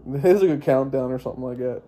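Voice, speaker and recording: Very dark-voiced young man rambling. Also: mid-range voice, fast. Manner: profane, meandering, frequent restarts and fillers. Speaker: vlogger. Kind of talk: rambling personal monologue.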